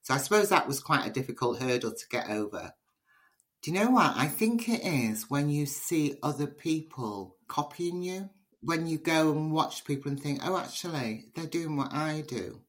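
A woman's voice: low voice, moderate pace. Chatty woman telling stories. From Liverpool, England. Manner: chatty, storytelling, animated. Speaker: poet, interview guest. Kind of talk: conversational interview answers.

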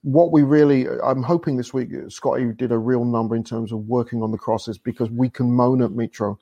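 A man talking casually about football as a podcast guest, chatty and quick to laugh, often restarting his sentences. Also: medium pitch, steady tone, dark tone, no echo, lo-fi sound. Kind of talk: casual chat.

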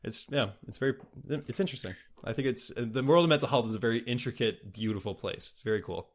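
A man hosting a podcast interview, talking in a casual, animated way with many fillers. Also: medium pitch, quick pace. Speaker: podcast host.

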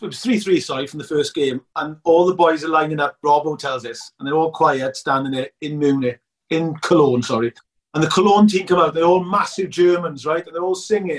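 A man's voice: fairly high pitch, distant mic. A man, a documentary filmmaker chatting and telling football stories with lots of laughs. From Scotland. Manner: animated storyteller, laughs often. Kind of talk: casual chat.

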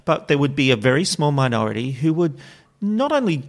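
A man's voice: on the high side, sing-song, fairly quick. A man who hosts the show, talking with his guest in a thoughtful way. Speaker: show host. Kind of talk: interview chat.

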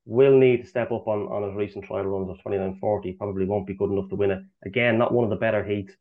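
A man giving racing tips as a podcast guest, talking in a quick, rambling way with lots of ums. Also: fairly low pitch, steady tone. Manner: quick, rambling, full of um and restarts. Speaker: guest tipster. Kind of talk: casual chat. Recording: tinny phone line.

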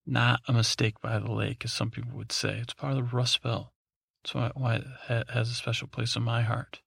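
Gravelly man rambling a bedtime story. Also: mid-range voice, flat delivery, moderate pace, fairly bright tone, no room sound, studio quality. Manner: meandering, drowsy, full of fillers and restarts. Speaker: podcast host.

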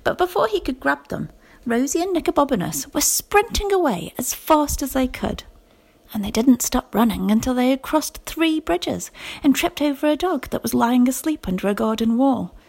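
A woman reads a children's story aloud like a teacher at story time. Her voice is husky with some grit in it, fairly high, and it rises and falls a lot to bring the tale alive. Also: moderate pace. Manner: lively expressive reading with whispered character lines. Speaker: English teacher reading a story.

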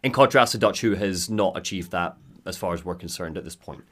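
A man's voice: deep voice, fairly quick, a bit bright, slight background noise. A man co-hosting a casual chat, enthusiastic and laughing often as he talks. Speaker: podcast co-host.

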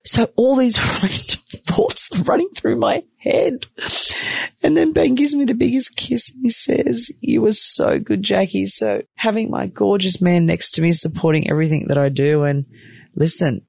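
A woman's voice: mid-range voice, normal speed, gravelly, a little mellow, breathy edge, dry recording. An exhausted woman who has just given birth, chatting frankly and exclaiming often in a personal vlog from a hospital room. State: exhausted after giving birth. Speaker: vlogger, new mother.

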